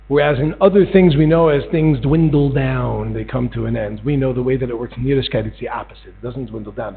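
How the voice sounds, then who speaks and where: A man's voice: mid-range voice, slightly rough. A man giving a storytelling sermon, acting out voices in a parable and building to pleading. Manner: animated, acts out voices in a parable, rises to pleading. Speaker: speaker giving a Torah talk. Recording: tinny lo-fi recording with mains hum.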